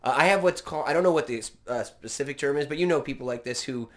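A middle-aged man with a California accent and a slight rocker rasp, talking loudly and rambling in casual podcast chat. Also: mid-range voice, fast talker. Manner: loud, outgoing, swearing, rambling restarts. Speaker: podcast host, voiceover actor.

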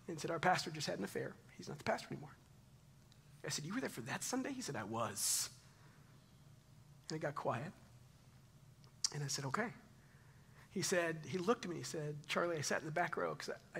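A man's voice: high voice, sharp tone, slightly rough. A male pastor preaching a sermon, telling a personal story in a conversational way and dropping to a near whisper at tender moments.

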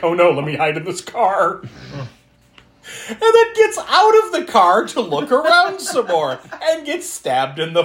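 A man co-hosting a podcast, retelling a horror movie in animated, laughing, swearing casual chat. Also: a little high. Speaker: podcast co-host.

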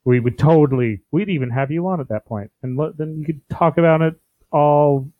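A man hosts a casual podcast, stammering and repeating words as he pitches ideas. His voice comes through a dull, lo-fi mic with a dry, close sound. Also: a little fast, no room sound. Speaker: podcast host.

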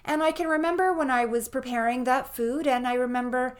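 A woman's voice: high voice, a little fast. Earnest middle-aged woman telling a story. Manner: earnest and animated, with frequent restarts. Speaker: podcast host and shamanic practitioner. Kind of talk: personal storytelling monologue.

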